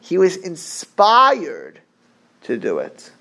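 A man teaching a lively Torah class as a rabbi, joking and acting out little scenes, with Hebrew and Yiddish terms woven in. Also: high-pitched, drawn-out words, vocal fry.

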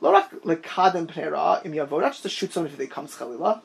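Animated man teaching a Torah class. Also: a little high, creaky. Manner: animated, digressive, quick bursts of storytelling. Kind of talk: informal Talmud class discussion.

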